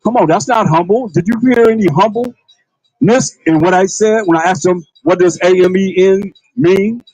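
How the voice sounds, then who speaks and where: A man's voice: high-pitched, normal speed, darkish tone, no echo, low-quality recording. A man preaching a livestreamed sermon in a casual, repetitive way, full of rhetorical questions and calling on a reader to read. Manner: colloquial, calls on a reader to read. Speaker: priest.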